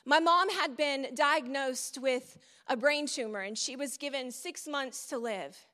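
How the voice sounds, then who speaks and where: A middle-aged woman speaking at a church event preaches with a high-pitched, bright and forceful voice at a measured pace. She tells her sermon like a conversation full of stories, with asides to the crowd, and the hall gives it a long reverb.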